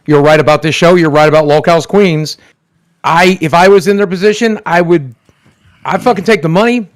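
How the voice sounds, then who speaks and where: A man co-hosting a live stream, talking casually and swearing in a relaxed, stunned way. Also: on the high side, fairly quick, no room sound. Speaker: co-host.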